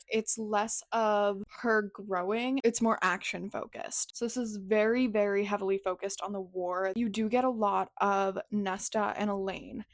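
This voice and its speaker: A young woman talking casually and emotionally about the books she is reading, gushing with lots of "like". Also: medium pitch. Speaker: book vlogger. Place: at home on her couch.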